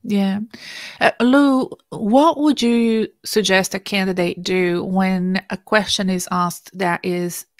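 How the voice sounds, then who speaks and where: A woman career coach hosting an interview, asking questions in a halting, casual way. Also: mid-range voice, fairly even intonation, dry recording, clean studio sound. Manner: halting, frequent fillers and restarts.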